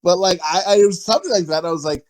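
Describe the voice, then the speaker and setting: A man's voice: high-pitched, racing, rough recording. A man co-hosting a casual podcast chat, swearing freely and laughing often as he talks. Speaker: podcast co-host.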